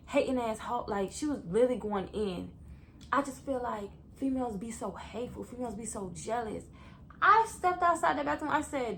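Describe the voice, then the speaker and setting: A young woman vlogger telling a story to her viewers in a chatty, animated way. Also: on the high side, normal speed, slight background noise. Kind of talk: story time vlog.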